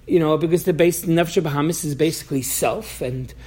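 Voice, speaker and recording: A man's voice: fairly high pitch, fairly quick, mellow, breathy edge. A man giving an informal Torah class, talking animatedly, acting out voices from the story, and often restarting his sentences. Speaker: Torah teacher.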